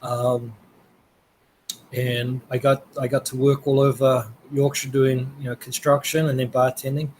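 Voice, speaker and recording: A man's voice: medium pitch, level tone, unhurried, a little hiss or hum, poor audio. A man from New Zealand, a guest telling rambling travel stories in a casual interview, laughing now and then.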